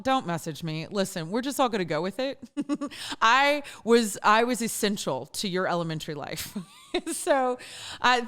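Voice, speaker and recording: Chatty Louisiana woman with a lively voice. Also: a little high, smooth. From northern Louisiana. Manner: chatty and self-deprecating, laughs often. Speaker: podcast host. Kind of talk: casual monologue. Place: studio.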